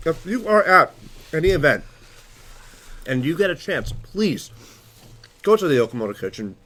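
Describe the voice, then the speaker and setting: A man's voice: fairly high pitch, normal speed. Upbeat male live-stream host. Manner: animated, enthusiastic, talks while chewing. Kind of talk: casual live-stream chat.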